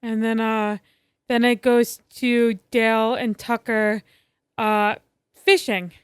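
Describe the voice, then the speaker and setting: A woman co-hosting a podcast, briskly retelling a movie's plot and acting out the characters' lines. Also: a little high, clean tone, no room sound, studio quality. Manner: brisk plot retelling with lively acted-out quotes. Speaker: podcast co-host. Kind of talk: casual movie review chat.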